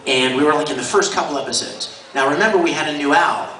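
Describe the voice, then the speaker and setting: A man's voice: fairly high pitch, fast talker, pushed and bright. A man, a voice actor guest at a convention panel, telling stories to the audience with enthusiasm and frequent laughter. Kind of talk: animated storytelling to an audience. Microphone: handheld camera in the audience. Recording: echoey hall recorded from far off, noisy.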